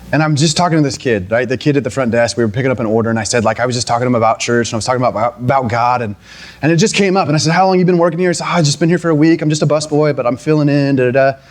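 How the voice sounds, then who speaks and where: A young adult man preaching a sermon in a conversational way, often restarting and then climbing into emphatic, pleading passages. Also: mid-range voice. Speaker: pastor.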